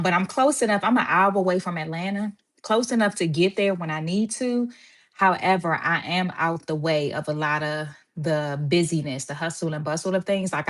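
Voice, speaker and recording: A woman from Washington, D.C. hosting a casual live stream, greeting viewers by name and a little out of breath after running downstairs. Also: low voice. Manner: chatty, greets viewers by name, says y'all. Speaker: host of a live stream for medical assistants. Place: home.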